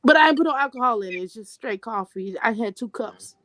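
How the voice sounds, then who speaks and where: A woman in her thirties chatting on a panel video call, an animated storyteller who acts out quotes and laughs often. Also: a little high, fast, no echo.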